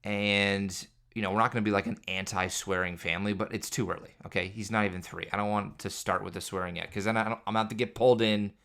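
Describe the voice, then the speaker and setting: A man with a fairly low voice hosts a podcast as a solo, casual comedic monologue. He rambles from one parenting story to the next, joking and exaggerating as he goes. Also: fairly even intonation, fast, creaky, few pauses, fairly bright tone. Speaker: podcast host.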